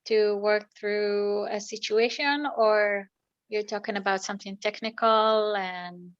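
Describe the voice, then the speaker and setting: A woman's voice: medium pitch, lo-fi sound. A woman moderating a panel, asking follow-up questions in a hesitant, polite way.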